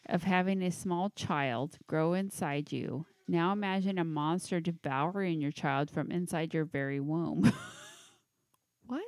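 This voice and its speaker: A podcast host reads out a list of creepy legends in a casual chat, tipsy and hiccuping as she giggles, swears, and stumbles over names. Her voice sits low and has a darkish tone, and she speaks without hurry. The recording has no echo.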